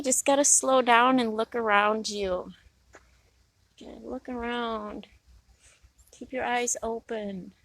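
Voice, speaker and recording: A woman chatting casually while out on a walk through a neighborhood, recording herself on her phone and rambling warmly about what she sees. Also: mid-range voice, no echo. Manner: chatty, rambling, easily delighted. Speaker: vlogger on a walk. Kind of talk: casual walking vlog. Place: outdoors in a neighborhood. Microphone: phone in hand.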